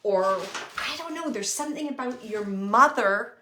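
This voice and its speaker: A woman working as a medium, giving a spirit reading to an audience, speaking softly, musing aloud and often dropping to a whisper. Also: on the high side, animated, normal speed, slight background noise. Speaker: psychic medium.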